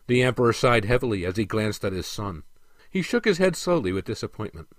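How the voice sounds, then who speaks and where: Low-voiced man reading an audiobook. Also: no echo, clean studio sound. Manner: steady, measured reading. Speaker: author reading his own book. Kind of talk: audiobook narration.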